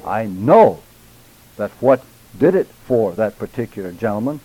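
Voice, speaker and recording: An older man teaching a church public speaking class, deliberate and emphatic, addressing his students directly. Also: lowish voice, very animated, dark tone, slightly rough, rough recording.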